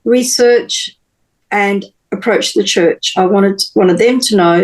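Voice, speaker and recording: On a podcast, a female guest with a medium-pitched voice earnestly tells her personal story, halting often with many pauses and restarts. The audio quality is poor.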